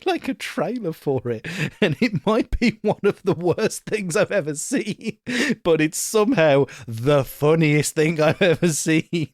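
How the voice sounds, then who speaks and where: Sweary, animated podcast co-host. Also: male voice, mid-range voice, dry recording, clean studio sound. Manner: animated, laughing often, sweary. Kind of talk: casual chat.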